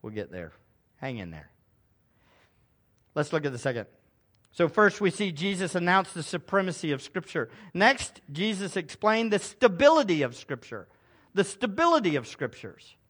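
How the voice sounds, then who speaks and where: A pastor preaching a sermon with emphasis, swinging between hushed asides and loud proclamations and calling for responses from the congregation. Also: male voice, fairly high pitch, very animated, normal speed.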